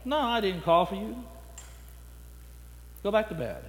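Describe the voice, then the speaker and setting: A man voicing a sleepy, gently dismissive old priest in a sermon retelling. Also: fairly high pitch, lively intonation, takes it slowly, big-room sound.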